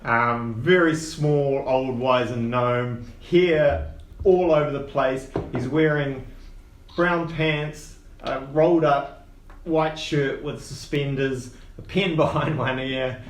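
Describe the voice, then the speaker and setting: A man's voice: mid-range voice, steady tone, slow. Man, dungeon master narration, laughs often, echoey room, noisy background. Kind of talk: narrating a tabletop game. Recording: roomy, distant mic with noise.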